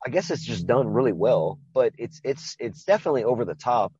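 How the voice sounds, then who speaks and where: A man's voice: mid-range voice, fairly quick, breathy edge, no echo, highs cut off. A man co-hosting a podcast, casually retelling a movie with lots of swearing and rambling asides. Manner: profane, rambling, animated retelling. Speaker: podcast co-host. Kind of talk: casual movie-review chat.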